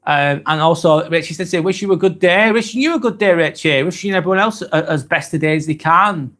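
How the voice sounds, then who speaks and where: Speaking fairly quickly in a somewhat high, fairly bright voice, this man in his 40s from England runs a live stream. He chats casually through viewer comments, sounding earnest yet hesitant, with frequent ums and apologies.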